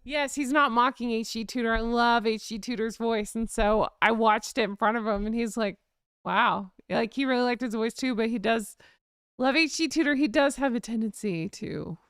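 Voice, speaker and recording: A woman hosting a casual livestream chat, rattling along at an excited clip. Her voice is slightly high and smooth with a gravelly edge. The recording is dry and close. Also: no echo. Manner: rapid, excitable chatter. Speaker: livestream host. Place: home.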